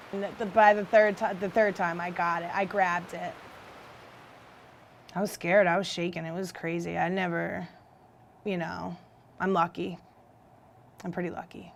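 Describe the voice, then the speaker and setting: A woman recounting her flood escape in a documentary interview, halting and shaken. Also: lowish voice, fairly even intonation, a little hiss or hum. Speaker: flood survivor.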